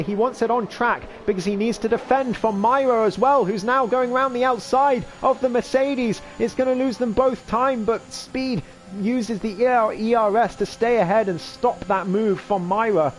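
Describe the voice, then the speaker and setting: High-voiced excitable race commentator man. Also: a little hiss or hum. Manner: rapid excitable race-calling. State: losing his voice. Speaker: sim racing commentator.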